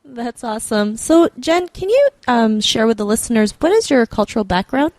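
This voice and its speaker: A woman from Canada hosting a podcast interview, enthusiastic, with bright lifts on her greetings and questions. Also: a little high, sing-song, normal speed, no room sound. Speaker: podcast host.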